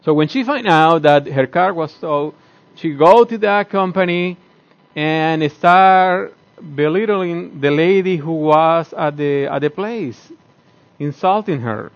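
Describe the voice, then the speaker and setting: A man's voice: a little high, takes it slowly, muffled recording. A man giving an earnest, conversational morning talk to his community, often asking the listeners questions. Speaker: speaker addressing his community.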